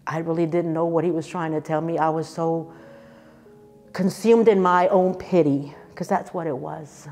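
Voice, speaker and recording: A woman's voice: sits low, fairly even intonation, normal speed, mellow, in a large hall, faint music behind. A woman in her fifties giving an emotional personal testimony, earnest and repeating phrases for emphasis. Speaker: church speaker sharing her testimony.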